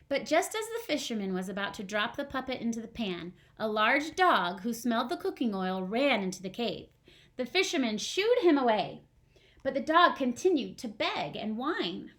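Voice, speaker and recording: A woman's voice: on the high side, fairly bright tone. A young woman, a first grade teacher at home, reading a storybook aloud and chatting with her class. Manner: chatty, asks the kids questions.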